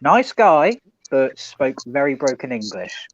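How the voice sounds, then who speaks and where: A man's voice: mid-range voice, sing-song, measured pace, no room sound. A man on a livestream guest spot, telling an anecdote in an easygoing way. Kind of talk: casual group chat, telling an anecdote. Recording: dry, dull lo-fi stream audio.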